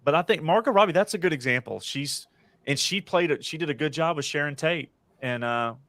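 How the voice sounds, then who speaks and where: A man's voice: fairly high pitch, a little fast, a bit bright, dry recording. An American man hosting a casual panel podcast, rambling and correcting himself as he gives strong opinions. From United States. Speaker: podcast host.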